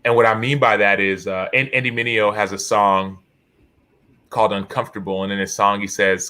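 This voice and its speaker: A man's voice: lowish voice, fairly even intonation, fairly quick, sharp tone. A man in his thirties, a podcast guest and author, telling stories animatedly in a casual interview, acting out quotes with many restarts.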